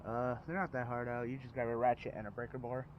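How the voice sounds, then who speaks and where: A man who makes casual DIY car repair videos narrates how-to steps while working under a car outdoors at night. His mid-range voice is level and quick, and he rambles informally with lots of fillers and restarts. The phone audio is muffled, with outdoor noise around him.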